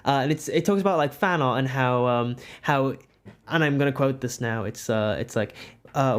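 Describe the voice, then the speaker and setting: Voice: mid-range voice, normal speed. A young adult from Wales with a Welsh accent, chatting casually with viewers on a live art stream, giggling often and rambling.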